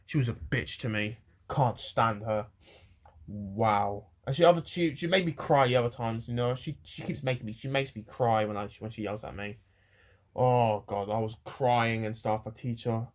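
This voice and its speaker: Man, personal rant vlog, talking to camera, middle pitch, rambling, halting, repeats himself, emotional, near tears. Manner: rambling and halting, many restarts and repeated words. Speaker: vlogger.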